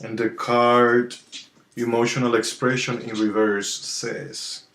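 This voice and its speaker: A man's voice: medium pitch, flat delivery, slow pace. A man hosting a live tarot card reading, chatting casually and greeting his viewers one by one. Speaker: tarot reader hosting a livestream. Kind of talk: casual livestream chat. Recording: roomy sound with soft music behind. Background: soft relaxing music.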